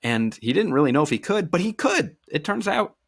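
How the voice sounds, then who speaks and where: A man who is a journalist and author, a guest on a podcast, telling stories in a casual, animated way, swearing freely and often restarting his phrases. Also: a little high, a little fast, no room sound, clean studio sound. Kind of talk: casual conversational storytelling.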